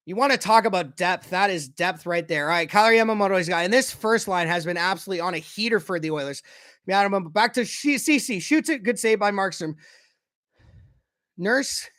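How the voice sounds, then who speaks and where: A man giving casual play-by-play of a hockey game as a fan, excitable and quick to swear, breaking into shouts when his team scores. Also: high voice. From Canada. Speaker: fan commentator. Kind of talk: casual play-by-play watch-along.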